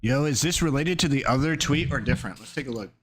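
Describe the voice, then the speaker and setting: A man's voice: mid-range voice, lively intonation, fast talker, crowd noise. A male streamer in casual chat, riffing loosely and reading his chat aloud.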